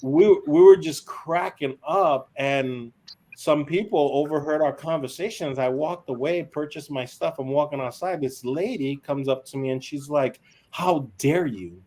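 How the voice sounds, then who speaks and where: A man's voice: fairly high pitch, moderate pace, warm tone. A man who is a military veteran, telling blunt, profane stories on a podcast and acting out the dialogue. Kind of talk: casual storytelling on a podcast.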